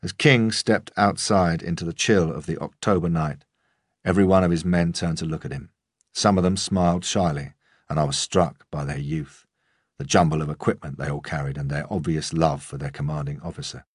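A man narrating an audiobook in a measured, even manner. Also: extremely low pitch, breathy edge, no echo, studio quality. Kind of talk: scripted narration.

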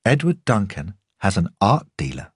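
A man voicing a sharp, eager young policewoman who talks briskly and sounds pleased with herself. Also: lowish voice, huge pitch swings, husky, no room sound, studio quality, voice pushed up, heavily acted. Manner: brisk, self-satisfied, insistent.

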